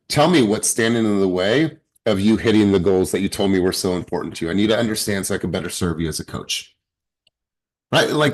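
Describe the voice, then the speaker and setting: A man's voice: fairly low pitch, fast. A man coaching a sales team on a video call, blunt and profane, acting out client dialogue. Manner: blunt, profane, animated, acts out quotes.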